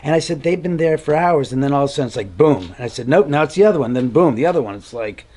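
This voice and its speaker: Animated man telling ghost stories. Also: on the high side, quick pace. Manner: acts out quoted dialogue, rambling with restarts. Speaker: homeowner giving a tour. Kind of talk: animated storytelling.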